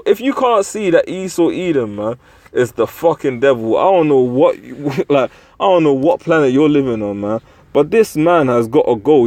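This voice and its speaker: A man's voice: medium pitch, darkish tone, no room sound. A man giving a profane, ranting religious commentary, tagging "man" onto his sentences and laughing mid-sentence. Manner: profane, repeats "man" constantly. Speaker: online preacher.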